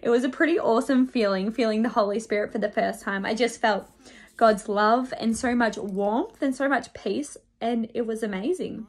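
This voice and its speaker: A woman's voice: fairly high pitch, normal speed. A young woman presenting to children on a church show, telling a personal story in a bubbly, sing-song way and acting out the voices.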